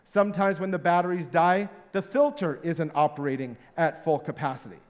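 A man's voice: a little high, fairly quick. A man preaching a sermon as pastor, telling stories in a playful, jokey way and drawing the congregation into a little experiment. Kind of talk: sermon with audience participation. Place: large hall with live congregation. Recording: long hall reverb.

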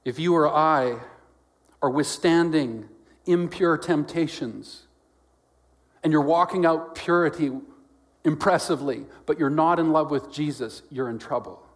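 A male pastor delivers a lively sermon in a slightly higher-than-usual voice. He swings from loud, emphatic lines down to quiet asides and playfully acts out the voices of others. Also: measured pace. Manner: animated preaching, swinging from loud exclamations to quiet lowered lines; acts out quoted voices with jokes and laughs.

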